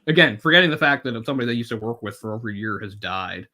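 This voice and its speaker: A man's voice: medium pitch, expressive, racing, sharp tone. A man co-hosting a podcast, chatting casually and wryly about a film, rambling and swearing now and then. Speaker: podcast co-host.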